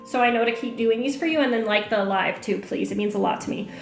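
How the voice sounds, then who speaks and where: A woman's voice: fairly high pitch, fast talker, creaky. A woman coaching on a livestream, chatting casually, reading viewer comments aloud and answering questions with plenty of fillers. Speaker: online marketing coach hosting a livestream. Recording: echoey room with faint music.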